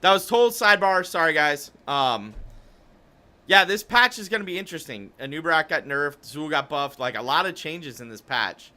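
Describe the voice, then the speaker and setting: Male podcast host, fairly high bright voice, rambling chatty delivery, casual talk. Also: lively intonation, moderate pace. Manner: rambling, self-interrupting, chatty. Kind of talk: casual esports podcast chat.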